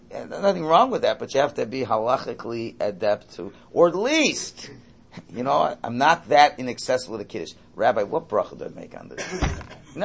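A man's voice: medium pitch, vocal fry, a little hiss or hum. A man, a rabbi, teaching an informal Torah class in a rambling, conversational way full of asides and restarts.

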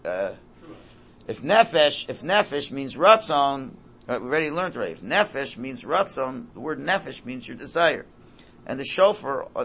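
A man's voice: medium pitch, fairly bright tone. Emphatic man teaching a Torah class. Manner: emphatic, repeats phrases, mixes in Hebrew and Yiddish terms.

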